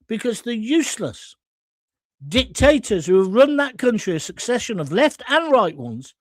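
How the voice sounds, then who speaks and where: A man's voice: high voice, no echo. Blunt, jokey male host. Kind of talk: live-stream commentary, reading viewer comments.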